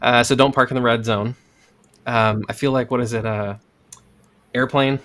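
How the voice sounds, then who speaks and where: A man hosting a podcast in casual chat, relaxed and full of fillers. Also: mid-range voice, normal speed. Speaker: podcast host.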